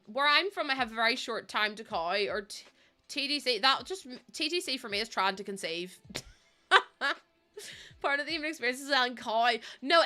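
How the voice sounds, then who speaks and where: A young woman chats away on her livestream, giggly and rambling, full of little fillers. Her voice sits a touch high and comes across bright and forward. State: heavily pregnant. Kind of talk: casual chat while building in a game.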